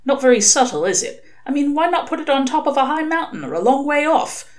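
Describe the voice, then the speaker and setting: A woman's voice: high-pitched, big pitch swings, fairly quick, voice pushed up. A woman voicing a sly, sarcastic male demon with a wry, casual manner. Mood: mocking. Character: sly, sardonic male demon, former serpent.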